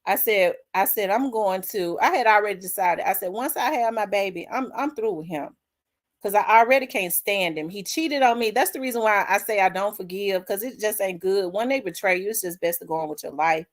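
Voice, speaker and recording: A middle-aged woman, hosting her own show and candidly telling a personal story, acting out the dialogue with big swings in her voice. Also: fairly quick. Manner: animated, acts out quoted dialogue with big pitch jumps. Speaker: host.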